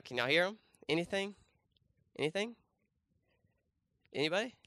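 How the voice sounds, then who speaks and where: A young pastor gives a loose, conversational sermon in church, full of fillers and restarts. His voice sits a bit high and sounds bright and forceful. The sound is close and dry, with little room echo. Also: clean tone. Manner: conversational, many fillers and restarts, asks the congregation questions. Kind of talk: casual sermon with a volunteer demonstration.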